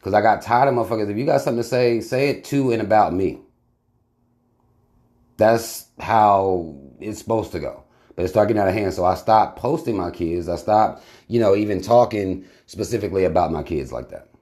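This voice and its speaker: A man with a very low, deep voice hosts his own channel. He talks bluntly and emphatically, swearing freely in loose, casual commentary. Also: brisk, a little mellow. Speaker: channel host reacting to a video.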